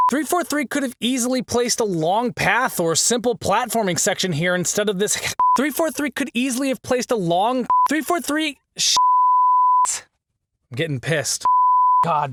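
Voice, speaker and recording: A man's voice: sits high, bright, forceful tone, slight background noise. A man recording a scripted critique who keeps stumbling over words, cursing at himself and restarting. He says his throat is sore. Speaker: video essay narrator recording outtakes. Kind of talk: blooper outtakes of a scripted critique.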